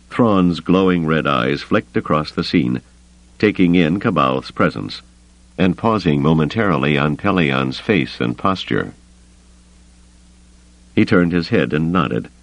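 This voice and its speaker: A male audiobook narrator with a very deep voice that still moves widely in pitch as he tells the story. The recording is close and dry, with no room sound. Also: gravelly, no room sound, poor audio. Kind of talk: scripted narration.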